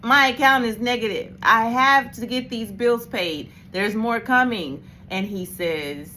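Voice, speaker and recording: A woman's voice: fairly high pitch, measured pace, hardly any pauses, bright, forceful tone, slight background noise. A middle-aged woman hosting a casual reflective talk, telling candid stories and acting out quoted voices. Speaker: host.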